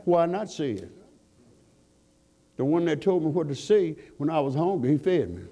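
A man's voice: fairly high pitch, very animated, normal speed, mellow. A man preaching a sermon in call-and-response style, asking the congregation questions and climbing to fervent peaks.

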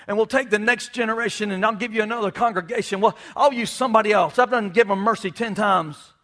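A man's voice: high voice, fast, fairly bright tone. A man preaching a sermon, fervent, with call-and-response asides to the congregation. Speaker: pastor.

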